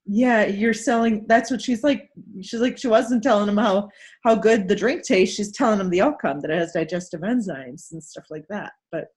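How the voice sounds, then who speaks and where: A woman hosting a casual recap chat, telling a story in an animated way and acting out the people in it. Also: mid-range voice, moderate pace. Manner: animated storytelling, acts out quoted people, laughs often.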